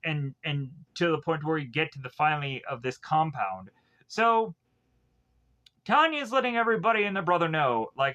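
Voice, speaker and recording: A man's voice: a little high, animated, normal speed, sharp tone, lo-fi sound. A man recapping a film plot in a loose, casual way, full of fillers and self-corrections, paraphrasing what the characters say. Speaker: film reviewer.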